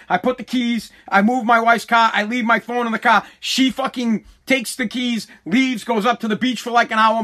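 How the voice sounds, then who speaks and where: A middle-aged man hosting a podcast vents in a casual, rambling monologue, exasperated and swearing often. His voice is very high-pitched with a sharp tone.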